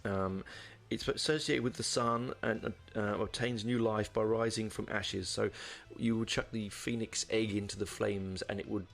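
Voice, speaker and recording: A man's voice: on the low side, fairly even intonation, moderate pace, creaky, faint music behind. A man hosting a podcast, rambling through a casual album review with many fillers and restarts. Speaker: podcast host.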